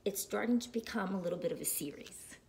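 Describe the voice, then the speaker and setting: A woman reading a picture book aloud to children in a slow, animated, sing-song way. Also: mid-range voice, gravelly, slight background noise.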